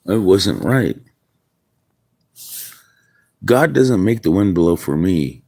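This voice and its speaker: Low-pitched male streamer, unhurried, rambling chat, outdoors. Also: sing-song, creaky, dark tone. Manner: rambling, musing aloud. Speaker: livestreamer. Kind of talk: casual livestream chat. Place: outdoors in the wind.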